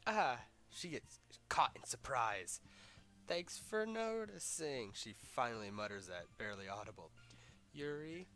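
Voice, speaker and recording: A man's voice: fairly low pitch, lively intonation, moderate pace, pushed and bright, faint music behind. A congested young man hosting a gaming channel, reading a visual novel aloud with playful, joking asides.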